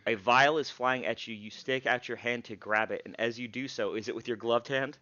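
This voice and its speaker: A man's voice: medium pitch, fairly even intonation, bright, forceful tone, dry recording. Male game master, hesitant live-stream narration, muffled lo-fi sound. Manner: halting, full of fillers and restarts.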